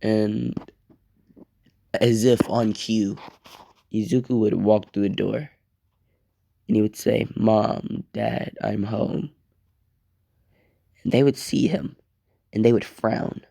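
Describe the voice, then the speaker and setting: A young man rambles through an improvised fan-fiction story, casual and profane. His voice sits lowish and has a gravelly edge. The sound is close and dry. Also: fairly even intonation, takes it slowly, pauses often, dark tone, no room sound.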